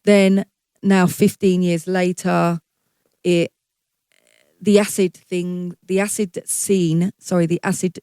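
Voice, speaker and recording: A woman's voice: fairly low pitch, level tone, slow pace, mellow, clean tone, dry recording. A middle-aged woman, a guest singer, telling her career story in a candid, chatty way, swearing freely and acting out her past thoughts.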